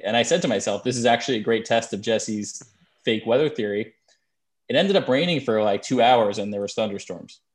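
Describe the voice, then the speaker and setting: Lower-voiced man telling podcast stories. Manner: rambling storytelling with restarts. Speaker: podcast co-host. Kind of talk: casual podcast banter.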